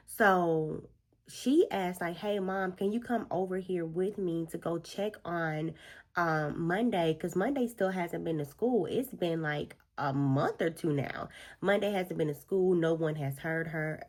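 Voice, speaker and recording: A woman vlogger chatting through a book review while doing her makeup, telling the story expressively with slangy asides. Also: low voice.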